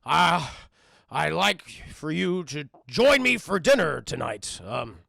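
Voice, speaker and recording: A man voicing a cursed beast prince who is angry but awkward, speaking loudly, slowly and with stammers. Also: on the high side, sing-song, creaky, dry recording, clean studio sound, heavily acted. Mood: gruff awkward. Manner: loud, slow, stammering.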